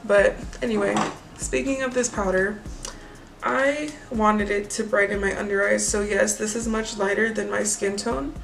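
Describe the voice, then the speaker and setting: A woman vlogging casually about makeup, telling a story in a chatty, animated way and acting out the people in it. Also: medium pitch, normal speed, creaky, far from the mic, poor audio. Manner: chatty, animated storytelling, acts out quoted voices. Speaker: beauty vlogger.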